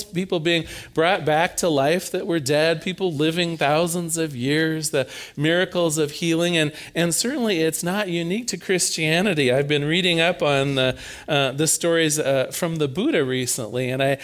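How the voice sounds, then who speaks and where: Guy giving a sermon, kinda high voice, chatty and animated, stumbles and repeats words. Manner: conversational, animated, frequent repeats. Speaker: preacher.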